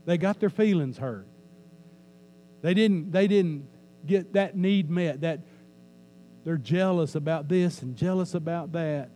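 A man's voice: fairly high pitch, measured pace, pauses often, mellow, a little hiss or hum. A man preaching a sermon in a church as pastor, talking conversationally, joking with the congregation and repeating key lines for emphasis.

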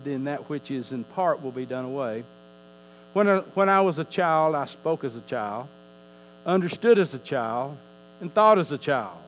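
Man, pastor, sermon, emphatic rise and fall, slightly high voice, faint mains hum. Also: poor audio. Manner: emphatic preaching with rising and falling delivery, repeats words.

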